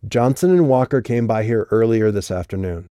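A man reading an audiobook and voicing a guarded, quick-witted young woman who was once in a band. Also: on the low side, animated, dark tone, no room sound, studio quality, natural voice. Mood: evasive.

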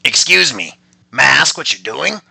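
A man's voice: medium pitch, very animated, normal speed, vocal fry, pushed and bright, breathy edge, no echo, full character voice, poor audio. A man voicing a friendly, playful male squirrel in a bedtime story. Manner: cheerful, helpful.

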